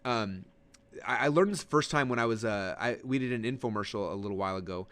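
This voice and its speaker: Fast-talking, energetic male instructor. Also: on the low side. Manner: energetic and emphatic, sitting forward and gesturing; conversational with frequent fillers and restarts. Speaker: online marketing instructor. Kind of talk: teaching a recorded webinar lesson.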